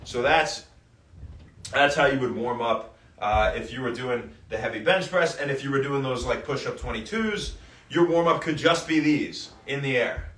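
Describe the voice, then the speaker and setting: A young man hosting a casual fitness livestream, explaining warm-ups and giving upbeat shout-outs to viewers. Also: medium pitch, normal speed, husky. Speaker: fitness host.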